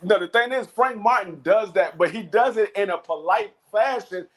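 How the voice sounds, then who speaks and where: A man's voice: sits high, normal speed, poor audio. A man co-hosting a casual boxing chat, often stammering on restarts and acting out what others said. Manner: stammering restarts, animated retelling. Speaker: co-host.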